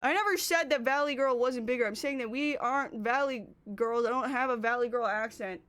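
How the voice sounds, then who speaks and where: A woman's voice: fairly high pitch, fairly quick, fairly bright tone. A young woman with a Canadian accent, chatting casually with her stream chat while doing her makeup. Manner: chatty, reads and answers chat. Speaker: livestreamer.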